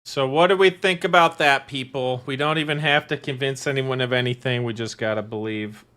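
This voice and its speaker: A man co-hosting a casual podcast, talking in a rambling, sarcastic way and often trailing off mid-thought. His voice sits at a middling pitch, neither high nor low. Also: brisk, bright, forceful tone. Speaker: podcast co-host.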